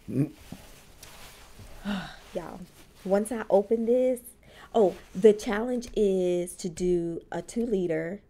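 A woman's voice: medium pitch, mellow, a little hiss or hum. A woman talking casually to her camera in a vlog, chatty and often sighing or dropping to a whisper. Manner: chatty, keeps saying "y'all", sighs and nervous whispers. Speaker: vlogger.

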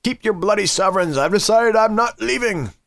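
A man voicing an angry village woman who shouts from her window. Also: lively intonation, brisk, gravelly, full character voice. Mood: furious. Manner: shrill, shouting.

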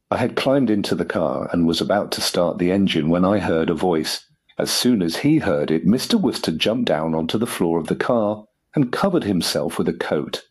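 A man narrating an audiobook for English learners in a measured, formal way. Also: low voice, expressive, a little mellow, husky.

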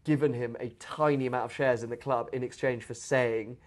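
A man's voice: mid-range voice, steady tone, brisk. A man co-hosting a podcast, chatting casually and telling stories with wry, dry humour. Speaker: podcast co-host. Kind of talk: casual chat.

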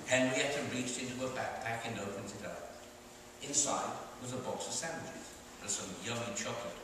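A man's voice: medium pitch, normal speed. A man from Sweden, an author, reading his storybook aloud to children in a library. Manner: clear, expressive storytelling. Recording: echoey hall from far off, noisy.

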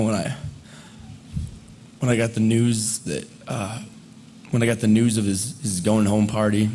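A man in his twenties speaking as a friend at a memorial service, conversational and halting, with fillers and soft laughs. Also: fairly low pitch, slight background noise. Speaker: eulogist, friend of the deceased. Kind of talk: memorial eulogy. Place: memorial service hall, indoors.

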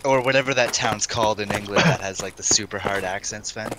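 A low-voiced man ribbing his friends over a noisy voice chat line during a shooter game. He is laid-back and swears casually. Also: a little fast. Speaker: teammate in voice chat.

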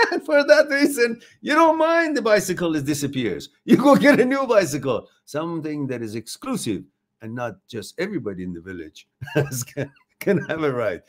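Blunt, swearing man with lively pitch. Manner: blunt, swears freely, emphatic. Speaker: host. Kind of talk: motivational talk to viewers.

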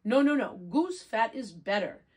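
A woman voicing a proud, squabbling old grandmother in a storybook reading, loud and insistent. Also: on the high side, sing-song, normal speed, husky, voice pushed up.

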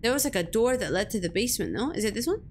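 A woman's voice: on the high side, animated, racing, a little hiss or hum. Jumpy, foul-mouthed woman streamer. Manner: jumpy, swears freely, talks back to the game. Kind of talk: live-streamed gameplay commentary.

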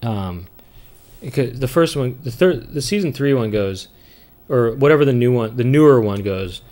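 A man's voice: unhurried, long pauses. Rambling man chatting while gaming. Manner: rambling, hums and sings tunes loudly and high. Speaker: streamer playing a retro game. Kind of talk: casual chat while gaming.

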